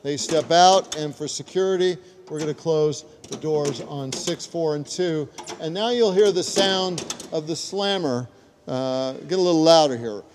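A man's voice: a little high, a little slow. Ranger guy walking a group through an old prison, explaining the gear, lots of noise around. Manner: explanatory, demonstrates mechanisms as he talks. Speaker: park ranger and tour guide. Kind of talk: guided tour talk. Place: prison cellhouse, indoors. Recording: noisy live field recording.

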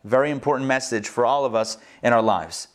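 A man teaching an online Torah class, lively and humorous, mixing Hebrew terms into his explanations. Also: medium pitch, a little fast. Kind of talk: online Bible class with screen sharing.

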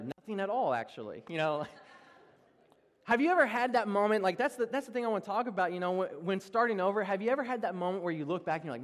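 A young man preaches a sermon, mixing self-deprecating anecdotes with laughter and lively delivery. His voice sits a little high for a man. It rings out with a long reverb through a large church hall. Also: fast. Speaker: pastor. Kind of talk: sermon with personal stories.

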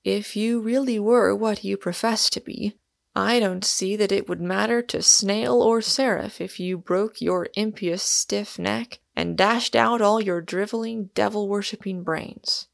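Storybook role: a severe, roguish young man, read by a woman, slow and deliberate, with a gravelly edge. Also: medium pitch, steady tone, no echo, clean studio sound. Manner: severe, mocking authority. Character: stern, roguish young man holding a pistol.

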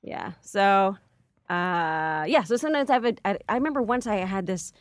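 A woman's voice: mid-range voice, normal speed, no echo, clean studio sound. Chatty woman comedian, rambling stories. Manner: rambling storyteller, heavy on filler words. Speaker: stand-up comedian guest. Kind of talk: casual podcast chat.

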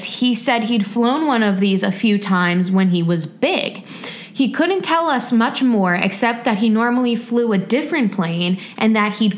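A woman co-hosting a podcast, reading a listener's story aloud with expressive, emotional reactions. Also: mid-range voice. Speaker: podcast co-host. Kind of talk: reading listener stories aloud, casual chat.

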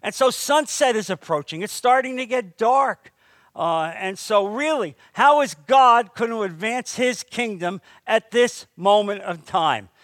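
A man preaching a sermon as pastor, with animated delivery that rises into emphatic bursts. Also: high-pitched, measured pace, dry recording, clean studio sound.

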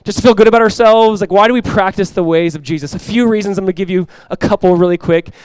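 Male pastor, young adult, smooth clear voice, slightly high, dry close sound, lively conversational sermon. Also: fast, no echo. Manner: energetic, conversational preaching with frequent restarts.

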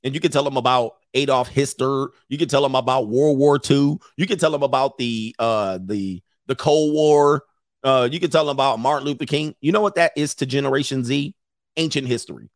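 A man's voice: medium pitch, brisk, no room sound, studio quality. A middle-aged man giving casual, profane commentary while reading an article aloud, laughing often and slipping into mocking impressions. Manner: blunt, profane, with frequent laughter; animated, swings into mocking impressions.

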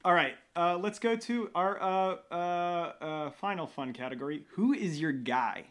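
A man's voice: high voice, unhurried, a bit bright. Playful man hosting a podcast. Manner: playful, joking, asks questions in turn. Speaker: podcast host. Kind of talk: casual chat.

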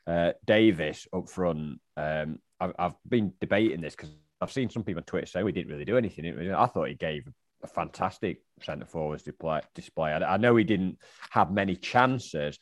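A man co-hosting a football podcast, animated as he recounts the match. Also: low voice, moderate pace, no room sound. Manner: animated, recounts match moments, mimics the crowd. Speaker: podcast co-host. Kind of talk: casual football chat.

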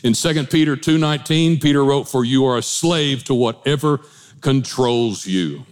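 Animated man preaching a sermon. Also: medium pitch, normal speed. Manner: animated, shifting pace for emphasis, with asides and humor. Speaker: pastor.

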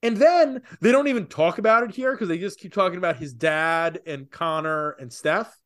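A man co-hosting a casual podcast, talking opinionatedly with rapid asides. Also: high-pitched, a bit bright. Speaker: podcast co-host. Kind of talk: casual comics podcast chat.

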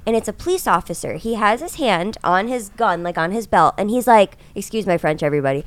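Young woman, podcast co-host, lively storyteller with a smooth, clear voice recorded close and dry. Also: mid-range voice, a little fast, hardly any pauses, dry recording. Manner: animated, acts out voices in quotes, laughs often. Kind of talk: casual storytelling chat.

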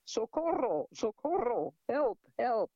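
A woman's voice: on the low side, measured pace, gravelly, no echo. Terrified young woman in a dull lo-fi recording, man reading. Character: frightened young Mexican woman fighting an attacker.

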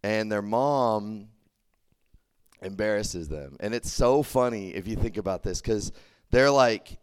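A man's voice: on the low side, lively intonation, slow, clean tone. A young man from Texas, preaching a casual youth sermon, chatty and full of "like" and restarts. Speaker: campus ministry preacher.

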